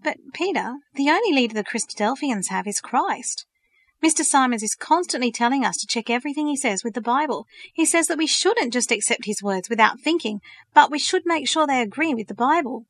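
A woman's voice: sits high, expressive, fairly quick, fairly bright tone, dry recording, voice pushed up, full character voice. A woman voicing an earnest, thoughtful teenage girl in a storybook reading, asking pointed questions.

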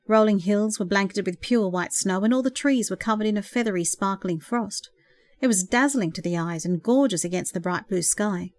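A woman reading a novel aloud in a gentle, expressive storytelling voice, softly acting out the dialogue. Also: medium pitch, no room sound. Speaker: audiobook narrator. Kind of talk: scripted narration.

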